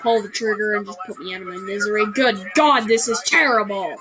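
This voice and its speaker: A woman's voice: mid-range voice, fairly quick, crowd noise. A woman giving comedic reaction commentary on a wrestling show, complaining in an exasperated, melodramatic way.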